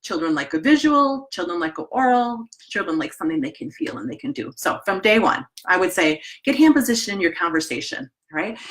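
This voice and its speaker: A middle-aged woman with a Wisconsin accent, teaching piano teachers in a chatty live-stream talk from her home studio. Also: low voice. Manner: chatty, animated, demonstrates as she talks.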